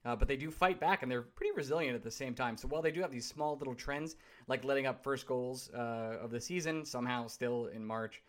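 Quick-talking male podcast host. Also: mid-range voice. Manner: brisk, reads listener questions aloud. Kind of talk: casual podcast chat.

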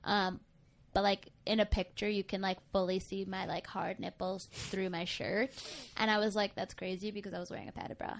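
A young woman co-hosting a podcast in casual chat, her voice sitting at a middle pitch. She tells her stories in a loose, rambling way, full of "like" and laughter, as she chats with a friend. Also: flat delivery, moderate pace, vocal fry. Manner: chatty, laughing, many "like"s. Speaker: podcast co-host.

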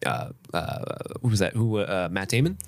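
A man's voice: sits low, expressive, normal speed. A man co-hosting a film podcast in a casual chat, playfully recapping scenes and acting out the characters. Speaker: podcast co-host.

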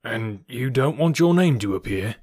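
A man's voice: medium pitch, expressive, moderate pace, husky, no echo, studio quality. A man voicing an angry, indignant police inspector in a Victorian detective audiobook. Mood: grudging. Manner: loud, indignant, exasperated.

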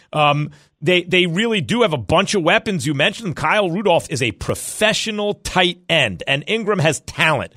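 A man hosting a sports radio show, talking football in a jokey, animated way. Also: no echo, clean studio sound. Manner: animated, jokey, rapid swings in pitch.

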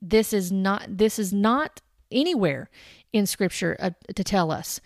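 A woman's voice: medium pitch, expressive, unhurried, a little mellow, dry recording, clean studio sound. Earnest woman giving Bible commentary. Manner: earnest and corrective, cites chapter and verse; addresses viewers directly. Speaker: Christian commentator.

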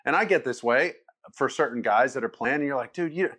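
A man, a former quarterback, telling stories as a guest in a relaxed, laughing way. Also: mid-range voice, fairly quick, husky. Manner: loose and laughing, quotes people in lively voices. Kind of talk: casual storytelling interview.

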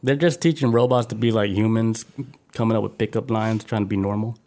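A man's voice: fairly low pitch, fairly even intonation, a little fast, darkish tone. A man co-hosting a podcast in casual chat, easygoing as he brings up topics and reads quotes aloud. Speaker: podcast co-host. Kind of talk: casual chat, reading out news items.

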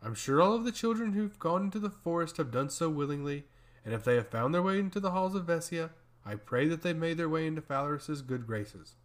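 A man doing a cold, patronizing high priest. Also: lively intonation, fairly quick, lightly acted. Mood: dismissive. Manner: dismissive, patronizing. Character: cold arrogant older male high priest.

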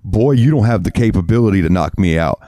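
A man with a very low voice tells a story on a podcast in casual chat. He swears a lot and acts out the other people's lines with feeling. The sound is dry and close, with no room in it. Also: lively intonation, fast, warm tone, no room sound. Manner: profane, heated storyteller acting out quotes. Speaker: podcast co-host.

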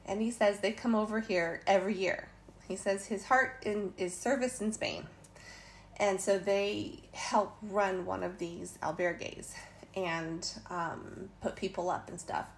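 A woman's voice: medium pitch, steady tone, measured pace. Woman chatting through a travel story, laughs a lot, bit of faint noise behind her. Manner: chatty, laughing asides, quotes others in passing. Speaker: vlogger. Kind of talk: casual storytelling.

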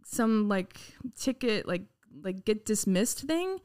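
A woman telling a story in casual chat, animated, laughing often and swearing. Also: mid-range voice, slow pace, clear, resonant tone. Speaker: podcast guest. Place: Los Angeles resident.

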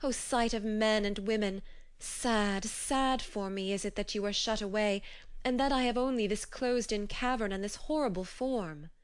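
Sorrowful cave-bound witch, voiced by a woman narrator; smooth, mournful, pleading storybook telling. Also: medium pitch, normal speed, close to an everyday voice. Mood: lamenting. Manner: lamenting, pleading. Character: grieving giantess witch, long-toothed and lonely.

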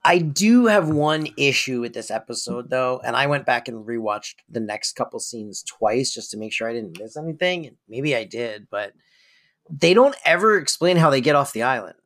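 Animated jokey podcast co-host. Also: mid-range voice, moderate pace. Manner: animated, jokey, with playful asides. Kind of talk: casual podcast chat recapping a TV episode.

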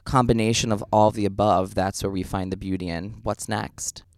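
A man's voice: on the low side, steady tone, normal speed, no echo, clean studio sound. A man co-hosting a podcast in casual, earnest chat, reflective and sometimes playful. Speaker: podcast co-host.

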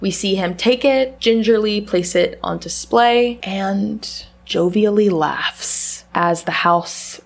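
A woman with a lowish voice who speaks at an unhurried pace, carefully laying out a movie's final scenes. Her delivery is measured and conversational. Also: gravelly. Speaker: podcast co-host. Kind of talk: casual film recap chat.

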